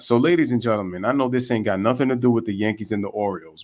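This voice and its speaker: A man's voice: fairly low pitch, quick pace. Ranting man calling a game. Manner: animated, ranting, chatty with viewers. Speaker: live baseball commentator and streamer. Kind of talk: casual live play-by-play with rants.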